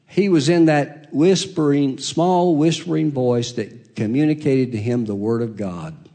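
A man preaching a sermon, soft-spoken, reading scripture in old-fashioned wording and sinking to a whisper for God's voice. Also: medium pitch, normal speed. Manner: reads scripture in King James wording.

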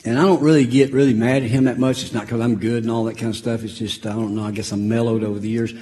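A man preaching a sermon, telling a family story and swinging from loud, laughing storytelling to a hushed, grave close. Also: medium pitch, fairly even intonation, fast. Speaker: pastor. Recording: long hall reverb.

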